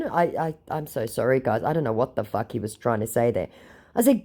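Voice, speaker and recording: A woman's voice: rumbling low, very animated, a little fast, warm tone. A woman retelling a chat with a scammer, sarcastic, mocking and blunt. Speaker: scambaiter narrating a chat. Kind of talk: comedic storytelling.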